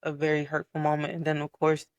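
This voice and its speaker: A young man telling his personal story in a casual podcast chat, candid and soft-spoken, with frequent fillers. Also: a little high, completely flat delivery, quick pace, no echo, lo-fi sound. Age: young adult. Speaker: podcast guest.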